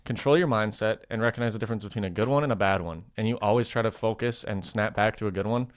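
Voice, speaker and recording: A man's voice: lowish voice, fast, clear, resonant tone. A man in casual podcast conversation, earnestly giving advice. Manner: earnest, gives advice and life lessons. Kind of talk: casual chat.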